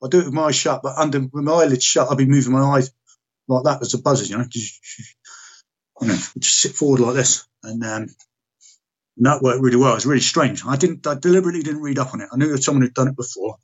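A man's voice: medium pitch, quick pace, slightly rough, highs cut off. A man in casual storytelling chat, blunt and swearing freely as he acts out past conversations. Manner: blunt, heavy swearing, reenacts dialogue.

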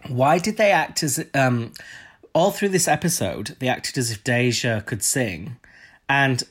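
A man's voice: medium pitch, lively intonation, measured pace, fairly bright tone, husky. A man co-hosting a podcast, chatting casually and swearing now and then. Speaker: podcast co-host. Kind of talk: casual chat.

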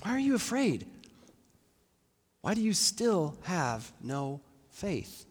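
A man acting out Jesus as a calm teacher speaking to his followers, in a reverberant room. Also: sits high, slow, heavily acted. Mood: reproachful.

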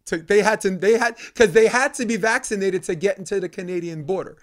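High-voiced and brisk, the Brooklyn podcast guest barely pauses as he rants. Swearing freely and pressing hard, he drives each point through repetition in this heated conversational tirade.

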